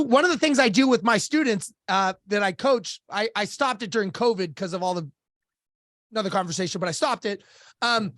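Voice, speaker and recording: A man's voice: very high voice, fairly bright tone. A blunt middle-aged man, a business coach, tells a story with animation and plays both sides of the conversation. The recording is dry, with no echo at all. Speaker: business coach, podcast guest. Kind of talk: storytelling in a casual interview.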